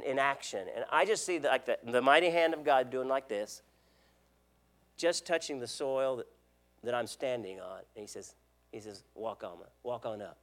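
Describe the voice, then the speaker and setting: Earnest preacher with surging loud emphasis. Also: male voice, mid-range voice. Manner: earnest, repeats words, asks the audience questions; swings between loud emphasis and quiet drops. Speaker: preacher and elder. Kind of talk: sermon.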